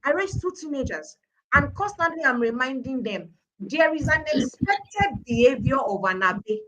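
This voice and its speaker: Emphatic Nigerian woman, bright voice. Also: sits high, big pitch swings, normal speed, highs cut off. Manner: emphatic, repeating points for stress. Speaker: parenting speaker, guest. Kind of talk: live-stream talk show discussion.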